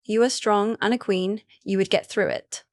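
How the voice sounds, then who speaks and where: A woman's voice: mid-range voice, steady tone, normal speed, no room sound, close to an everyday voice. Earnest loving werewolf man in an audiobook, woman doing his lines, dry close. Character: adult male werewolf mate, warm and devoted.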